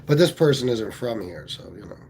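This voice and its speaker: A man's voice: mid-range voice, sing-song, fairly quick, darkish tone, a little hiss or hum. A man from Pennsylvania hosting a casual livestream, talking bluntly with plenty of swearing and reading viewer comments aloud. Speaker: livestream host.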